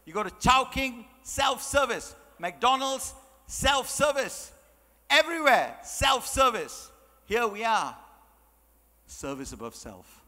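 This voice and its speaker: A man's voice: very high-pitched, very animated, slow pace, bright, forceful tone, in a large hall. A man giving a chatty, joking motivational talk, full of "you know"s. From Malaysia. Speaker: motivational speaker. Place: large hall.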